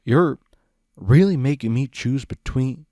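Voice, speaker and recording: A man voicing a big male pony warrior in a storybook reading, loud and emotional. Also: medium pitch, a little slow, no echo, clean studio sound, close to an everyday voice. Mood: pleading.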